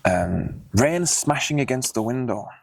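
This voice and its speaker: A man's voice: medium pitch, lively intonation, measured pace, vocal fry, darkish tone, no echo. A young man hosting a writing video, explaining mistakes in his old story in a plain, self-critical way. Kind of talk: casual teaching monologue.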